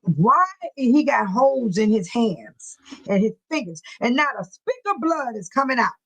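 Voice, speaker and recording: Animated high-voiced woman livestream host. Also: poor audio. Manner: animated, chatty, talks straight to her viewers; reads news aloud haltingly. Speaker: livestream host reading viewer comments. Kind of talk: casual livestream talk.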